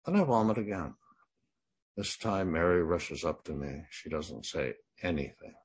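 A man in his sixties reading his first-person memoir in a plain, measured way. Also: low voice, animated, slightly rough. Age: 60s. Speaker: memoir narrator.

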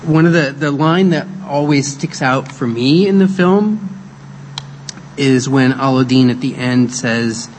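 A man giving closing thanks on a film panel, halting and thoughtful with many pauses and restarts. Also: mid-range voice, darkish tone. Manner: hesitant, lots of ums and restarts. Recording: noisy room with clear background noise.

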